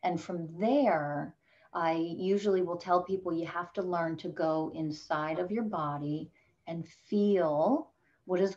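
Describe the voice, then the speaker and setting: A woman's voice: on the low side, darkish tone, lo-fi sound. A woman coach speaking as a podcast guest, emphatic and motivational, growing impassioned as she makes her points. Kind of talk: podcast interview.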